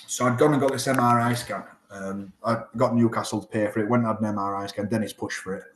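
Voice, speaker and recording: A man's voice: lowish voice, fast, a little hiss or hum. A man in his thirties with a Yorkshire accent, a rugby player telling his story in a casual interview, acting out what people said. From England. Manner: animated, acts out quoted dialogue. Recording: roomy echo.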